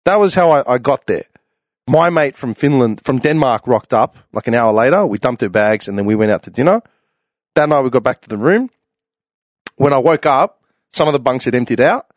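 A man telling a long, animated travel story in casual chat, slangy and swearing freely. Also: medium pitch, a little fast, dry recording, studio quality.

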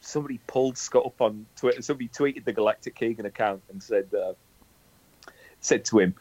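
A man's voice: fairly low pitch, fast talker, darkish tone, no echo, lo-fi sound. A man from England co-hosting a football podcast, telling rambling stories and laughing often. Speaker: podcast co-host. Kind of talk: casual chat.

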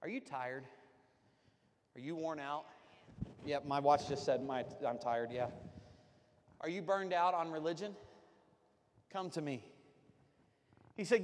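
A man's voice: a little high, unhurried, pauses often. A man preaching a sermon as pastor, talking to his congregation in a loose, conversational way and joking with them. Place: church sanctuary. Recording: long reverb of a church hall.

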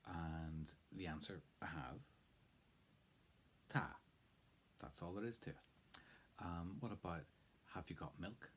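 A man's voice: low-pitched, slow pace, pauses often, a bit bright, slight background noise. A man giving a casual, chatty spoken language lesson, coaching the listener along. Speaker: language teacher. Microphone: close mic to camera.

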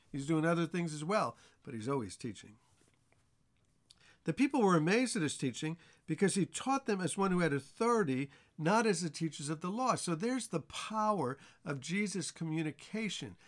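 Gravelly-voiced male pastor teaching scripture. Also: on the high side. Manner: earnest, repetitive emphasis. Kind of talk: Bible teaching podcast.

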